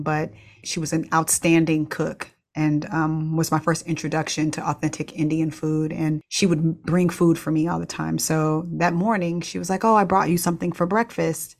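A woman's voice: low voice, darkish tone. A middle-aged woman, a pediatrician, candidly telling a personal story with laughs and restarts. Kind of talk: reflective storytelling.

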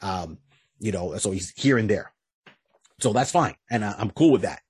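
A man's voice: on the low side, moderate pace, husky, dry recording. A man hosting a podcast, casually retelling a comic's plot with many restarts and frequent "you know"s. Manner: lively storytelling retelling. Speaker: podcast host.

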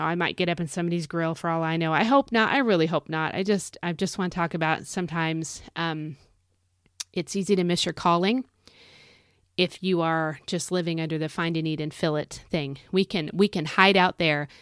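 A woman's voice: fairly low pitch, clean tone, no room sound, clean studio sound. A middle-aged woman hosting a devotional podcast, preaching in a fervent, folksy, exhorting way. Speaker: podcast host.

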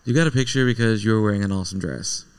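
A man's voice: lowish voice, very fast, clean tone. A man in his thirties co-hosting a casual podcast chat, joking and blunt, sleepy and yawning. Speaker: podcast co-host.

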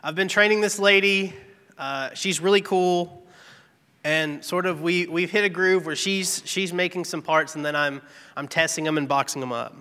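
A man's voice: high-pitched, moderate pace, pushed and bright, clean tone. A man giving an earnest, candid devotional testimony, telling a personal story about his work. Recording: long reverb, echoey hall.

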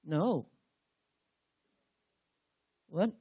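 A woman preaches a sermon at an unhurried pace. Her voice sits in a middle register. She stretches her phrases and leans hard on them, swinging her pitch and volume widely. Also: lively intonation. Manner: emphatic, drawn-out phrases, wide swings in pitch and loudness.

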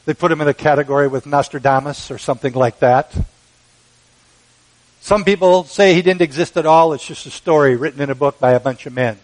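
A man preaching a sermon, measured and emphatic, with dramatic pauses. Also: fairly high pitch, poor audio. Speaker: pastor.

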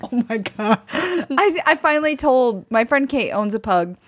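A woman with a high, light voice chats casually as a podcast co-host. She laughs often and jumps into higher tones when acting out what other people said. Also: lively intonation, unhurried, fairly bright tone. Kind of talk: casual chat.

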